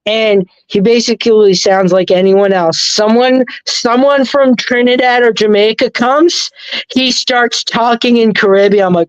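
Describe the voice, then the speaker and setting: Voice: medium pitch, steady tone, measured pace, clear, resonant tone, dry recording. A speaker chatting casually in an easygoing way, often laughing. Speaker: podcast co-host. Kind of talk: casual chat. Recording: dull, lo-fi dry recording.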